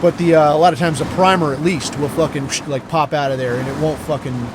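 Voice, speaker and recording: A man hosting a podcast, telling stories in a crude, rambling monologue full of swearing and deadpan asides. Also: on the high side, brisk, background noise. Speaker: podcast host. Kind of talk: profane casual storytelling monologue.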